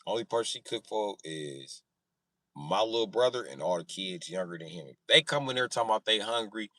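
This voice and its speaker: Livestream host, low bright voice, comedic rant, heavy swearing. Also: male voice, no echo, recorded from a distance. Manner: animated storytelling, heavy swearing, slow emphatic drawl.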